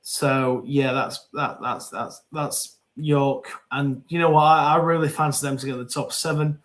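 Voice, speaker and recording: A man's voice: mid-range voice, steady tone, a little slow, a bit bright. A man in his forties hosting a live football podcast, reading out viewer comments in a chatty, rambling way and often repeating words. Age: 40s. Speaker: podcast host.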